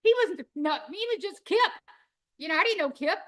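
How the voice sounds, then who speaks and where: A middle-aged woman, telling her story in an animated, folksy, emphatic way. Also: extremely high pitch, normal speed. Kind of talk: storytelling talk.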